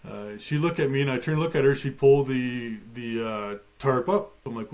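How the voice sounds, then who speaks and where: A man of middle pitch telling his own story as a talk show guest. He keeps a steady, matter-of-fact tone with touches of dry humor and plenty of casual fillers. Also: brisk, hardly any pauses. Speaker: guest, bear attack survivor.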